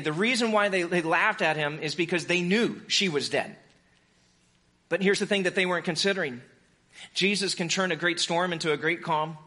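A man preaching a sermon in a casual, conversational way, rising to urgent exhortation and dropping to soft, hushed tones. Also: a little high. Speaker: pastor.

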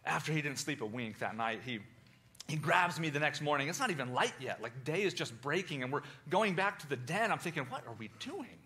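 Animated man preaching a dramatic story. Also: on the high side, a little fast. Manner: animated, theatrical, addresses listeners directly. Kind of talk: first-person dramatic Bible storytelling.

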